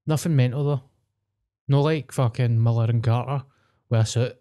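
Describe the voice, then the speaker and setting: A man's voice: mid-range voice, steady tone, normal speed, mellow. A young man talking bluntly and mockingly in casual, sweary podcast chat.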